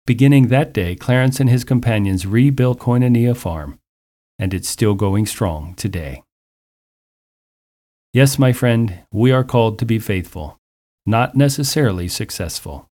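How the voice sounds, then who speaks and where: Man doing a radio ministry spot, calm earnest storytelling, warm dark voice. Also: medium pitch. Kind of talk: scripted radio ministry narration.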